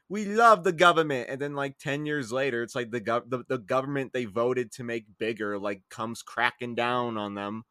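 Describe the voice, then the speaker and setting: A man's voice: a bit bright, no echo, clean studio sound. A man co-hosting a podcast in casual chat, swearing a lot and getting exasperated, his voice jumping up when worked up. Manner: profane, exasperated, jumps up in pitch when worked up. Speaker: podcast co-host.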